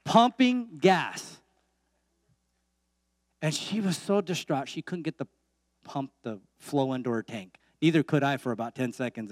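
A man's voice: on the high side, expressive, unhurried, no echo. A man preaching a sermon as pastor in a church, emphatic, with repeated calls and amens.

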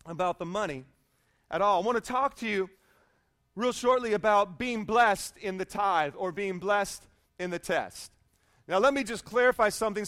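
Pastor preaching, man with a high voice, emphatic and conversational. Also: fairly bright tone. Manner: emphatic, conversational, repeats phrases. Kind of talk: sermon.

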